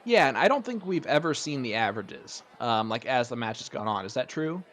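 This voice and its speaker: A man commentating a darts match in a relaxed, rambling way, with a mid-pitched voice. He chats easily with his partner and lifts his energy when the throws land. A faint ambience hums behind him. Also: a little fast, slight background noise. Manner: chatty, rambling, gets excited on big throws. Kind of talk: casual play-by-play commentary.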